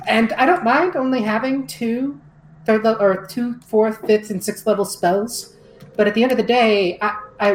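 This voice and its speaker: A young woman playing a tabletop game in casual chat, excitable, swearing freely and stammering when upset. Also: mid-range voice, reverberant, slight background noise, rough recording.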